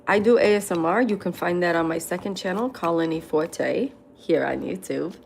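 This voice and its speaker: A woman's voice: low voice, gravelly, darkish tone, a little hiss or hum. A woman hosting a casual livestream from her table at home, eating and reading viewer comments aloud, laughing often and answering them bluntly. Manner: laughs often and talks between bites. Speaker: livestream host.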